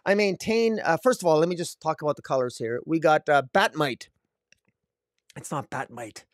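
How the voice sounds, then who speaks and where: A man's voice: fairly high pitch, normal speed, no room sound, clean studio sound. A man reviewing comic books alone, rambling with many fillers and restarts. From Canada. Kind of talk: casual solo review.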